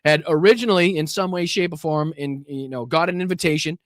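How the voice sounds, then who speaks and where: A man's voice: fairly high pitch, fairly quick, dry recording, studio quality. A man hosting a live political rant, sarcastic and profane, laughing often and restarting his sentences. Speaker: host of a political commentary stream.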